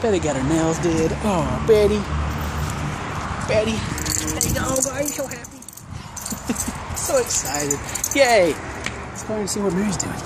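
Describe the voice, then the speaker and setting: A woman vlogging casually at home, switching to high sing-song baby talk with her dog. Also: lively intonation, measured pace, long pauses, heavy background noise.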